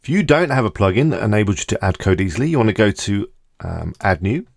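A man with a low, gravelly voice talks through a screen-recorded tutorial, easy and casual, thinking aloud as he clicks. The sound is close and dry, with no room around it. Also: animated, fast talker, no echo. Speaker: tutorial host.

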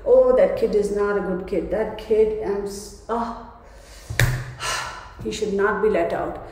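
A woman with a mid-range voice and steady tone speaks slowly over a noisy background, giving her viewers a tarot reading. Her casual monologue rambles and stresses points emphatically, with many restarts. The room is echoey, with a long reverb.

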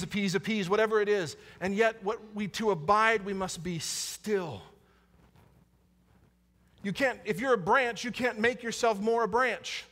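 A man's voice: high-pitched, fairly bright tone. A man, a pastor, preaching a sermon in an earnest way and repeating key lines for emphasis. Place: church sanctuary. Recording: long church hall reverb.

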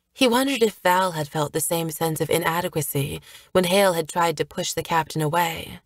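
Low-voiced woman reading a novel. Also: no room sound, clean studio sound. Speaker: audiobook narrator. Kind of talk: scripted narration.

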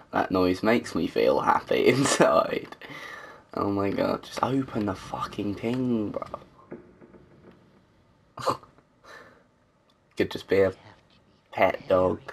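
Gravelly man swearing through a game. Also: fairly low pitch, lively intonation, slow, pauses often, a little hiss or hum. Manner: swearing, laughing, joking to himself. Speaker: gamer. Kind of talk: let's play commentary.

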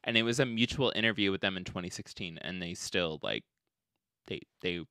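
A man's voice: low voice, fairly quick, pushed and bright, clean tone, no echo, clean studio sound. A man co-hosting a podcast, talking casually, swearing freely and laughing often while retelling a story. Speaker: podcast co-host.

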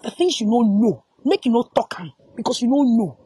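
A woman's voice: fairly high pitch, expressive, fairly quick, mellow, breathy edge, dry recording. A Ghanaian woman, a music promoter, angrily scolding a journalist in a heated live rant and repeating her questions.

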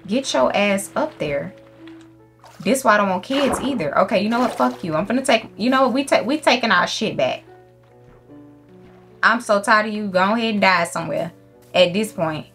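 A woman's voice: mid-range voice, a little fast, fairly bright tone, soft background music. A young woman giving casual gameplay commentary, brash and profane, scolding the animals in her game. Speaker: gaming YouTuber.

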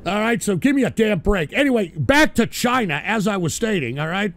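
A man hosting a livestream show, ranting with constant swearing, shouting at trolls, and tacking "all right?" onto his sentences. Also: high voice, expressive, brisk. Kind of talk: profane livestream rant.

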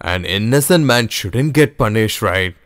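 A man's voice: lowish voice, expressive, a little slow, no room sound, studio quality. A man dubbing a film role, deferential and respectful. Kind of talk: film dub.

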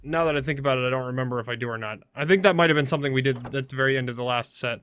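A man's voice: mid-range voice, very fast, fairly bright tone, smooth. A man casually commenting on his own gameplay, rambling, chatty and full of fillers as he corrects himself. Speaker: video game let's-play host.

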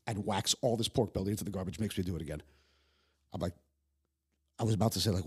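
A young man with a New York accent talks quickly in a casual podcast conversation. His voice sits low and has a rough, husky grain. He swears freely, stacks restarts and tells his stories with animated emphasis. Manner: profane, animated storyteller with many stammered restarts. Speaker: guest chef.

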